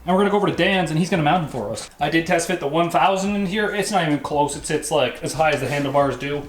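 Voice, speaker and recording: A man's voice: on the high side, fast. A man casually narrating his garage build in an offhand, joking way, with the odd swear. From Canada. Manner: joking, offhand, mildly profane. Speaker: vlogger building a drag lawnmower. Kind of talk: casual workshop vlog. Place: home garage workshop. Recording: echoey garage, faint noise.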